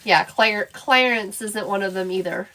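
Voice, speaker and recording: A woman's voice: mid-range voice, normal speed, fairly bright tone. A woman hosting a live crafting stream, chatting playfully and bantering with viewers in the chat while she works. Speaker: craft livestream host.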